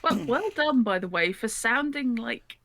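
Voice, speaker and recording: A woman's voice: a little high, animated, a little slow, crowd noise. A woman playing a tabletop game, reasoning thoughtfully aloud. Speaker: player. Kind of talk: tabletop role-play chat.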